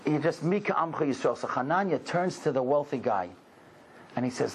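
A man's voice: mid-range voice, animated, a little fast, slight background noise, rough recording. A man giving a storytelling talk to a congregation, exclaiming and asking rhetorical questions. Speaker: religious speaker.

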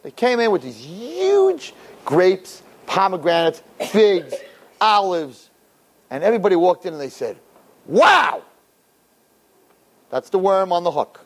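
A middle-aged man giving an animated Torah lecture to an audience, acting out quotes in funny voices. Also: slow pace, long pauses. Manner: expressive, acts out quotes with big pitch jumps. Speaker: Torah teacher.

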